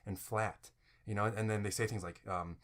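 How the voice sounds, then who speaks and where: A man's voice: lowish voice, fairly even intonation, normal speed, a bit bright. A man co-hosting a podcast in casual chat, rambling with many fillers as he explains things. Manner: rambling, full of fillers like "like" and "you know". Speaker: podcast co-host.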